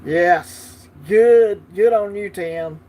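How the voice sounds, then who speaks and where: With drawn-out words and a high-pitched voice, a Southern-accented man hosts a casual livestream, chatting easily and talking back to viewer comments as they come in. The sound is phone quality.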